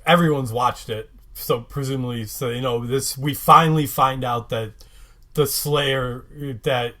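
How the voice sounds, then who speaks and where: A man co-hosting a podcast, talking in a measured, wry way in casual recap chat. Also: mid-range voice, bright, forceful tone. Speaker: podcast co-host.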